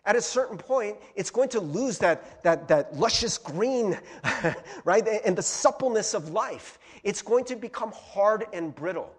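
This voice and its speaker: A man preaching a casual, conversational sermon as a pastor, animated and chatty, full of fillers and repeated words. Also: high-pitched, a little slow, slightly rough.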